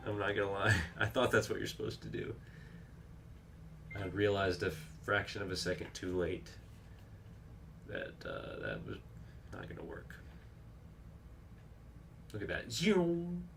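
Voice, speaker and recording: A man with a fairly low but bright, forceful voice, talking through a live game stream. He chats loosely, exclaims at what happens on screen and answers his viewers' comments. A faint hiss sits under the voice. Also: measured pace, vocal fry, long pauses.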